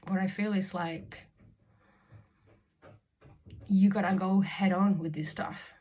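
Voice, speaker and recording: At a moderate pace and in a steady, mid-range voice, this young spiritual vlogger from Spain speaks openly to the camera. She curses freely, laughs a lot, and shifts between loud moments and whispers in her casual, candid monologue.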